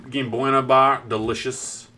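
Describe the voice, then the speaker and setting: A young man with a thick southern New Zealand accent chats on a live game stream, drifting off his story to greet viewers and swearing casually. His voice is bright and lively, and his pitch sits at an ordinary middle height. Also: moderate pace. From South Island, New Zealand. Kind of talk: casual live-stream chat while gaming.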